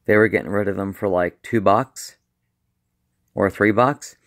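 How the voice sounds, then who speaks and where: In a casual show-and-tell, a male vlogger with a somewhat low voice rambles along slowly, trailing off and restarting his sentences. A slight lisp and slurred speech give his words a blurred edge.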